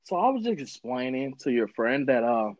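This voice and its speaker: Animated, profane male podcast host. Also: medium pitch, normal speed, dry recording, muffled recording. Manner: animated storytelling, heavy cursing, acts out quoted people. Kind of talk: casual profane chat.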